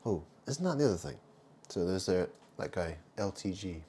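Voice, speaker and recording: A man vlogging in a rambling monologue, muttering asides and swinging between loud remarks and hushed ones. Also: low-pitched, expressive, normal speed, slight background noise.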